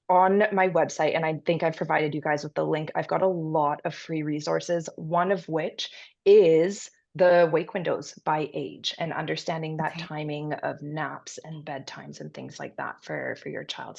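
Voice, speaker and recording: A woman with a lowish, gravelly voice speaks as an interview guest, laying out practical advice in a calm, reassuring, teacherly way. Her audio comes through dull and lo-fi, like a remote call. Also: moderate pace. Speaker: pediatric sleep consultant guest. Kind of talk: explanatory interview talk.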